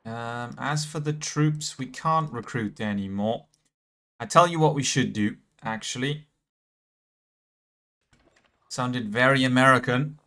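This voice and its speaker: Giving casual gameplay commentary, a man from Britain talks to his viewers at a slow pace with frequent pauses. His medium-pitched voice is bright and forceful, and he laughs easily and corrects himself along the way.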